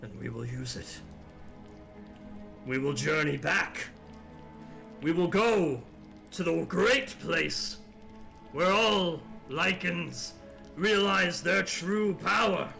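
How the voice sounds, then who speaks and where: A man doing a gruff, zealous werewolf leader. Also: a little high, expressive, slow pace, pauses often, bright, forceful tone, faint music behind, exaggerated voice. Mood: fervent.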